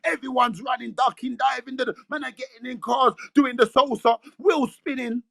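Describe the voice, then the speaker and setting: Heated London man ranting fast. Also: very high voice, fairly even intonation, gravelly, no echo. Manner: aggressive, boastful, slangy, shouting at times. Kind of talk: heated rant.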